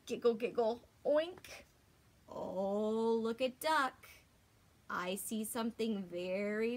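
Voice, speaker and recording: Reading a picture book aloud to children, a young adult woman teacher speaks gently and expressively, adding gasps and whispers. Her voice is a little high and her pace is slow.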